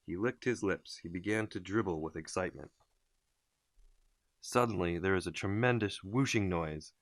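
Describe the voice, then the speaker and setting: A man reading a children's story aloud in an expressive, unhurried way. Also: low-pitched, no echo, studio quality. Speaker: storybook reader.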